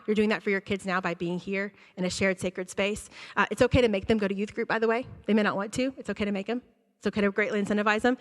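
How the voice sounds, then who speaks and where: A woman, a school counselor giving an earnest talk to parents at a church, telling stories from her own life. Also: fairly high pitch. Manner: earnest, warm-hearted storytelling, addresses crowd as y'all. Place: large church hall. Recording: long hall reverb.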